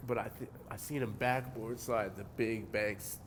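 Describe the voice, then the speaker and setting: A man, telling skateboarding stories in a relaxed interview, cursing freely and getting animated as he goes. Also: fairly low pitch, moderate pace, a little hiss or hum. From New Jersey. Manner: laid-back, swears a lot, animated when telling stories. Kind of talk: casual interview.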